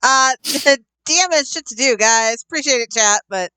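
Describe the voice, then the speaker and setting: A woman's voice: sits high, normal speed, pushed and bright, smooth, no echo. A woman game master chatting casually with her players during a break in a streamed tabletop game, giggling and playfully bossy.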